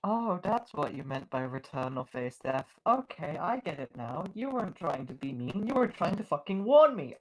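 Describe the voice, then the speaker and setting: A woman's voice: deep voice, very animated, moderate pace, hardly any pauses, rough recording. A woman playing in a tabletop game, exclaiming and laughing often. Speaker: player. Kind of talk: tabletop role-play banter.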